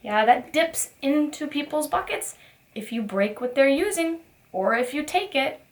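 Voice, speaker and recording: A woman teaching a preschool circle time, asking gentle questions in a sing-song teacher voice. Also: sits high, lively intonation, unhurried. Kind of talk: circle time lesson for young children.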